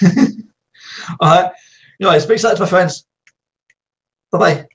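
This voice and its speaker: A woman chatting casually with strangers on a live webcam stream, excitable and giggly, calling out sing-song greetings. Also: lowish voice, slow pace. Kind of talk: casual live video chat.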